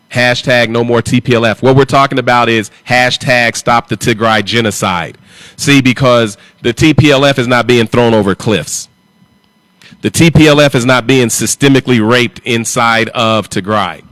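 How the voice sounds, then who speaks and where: A man's voice: mid-range voice, normal speed, fairly bright tone, no room sound. A man hosting a live stream, talking in an emphatic, repetitive and confrontational way. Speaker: livestream host.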